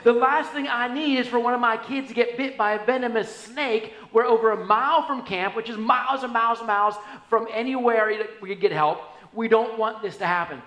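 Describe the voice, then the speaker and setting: High-voiced guy pastor, animated sermon story, quiet then loud, echoey church. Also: brisk, few pauses. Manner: animated, wide swings from hushed to loud. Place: church sanctuary.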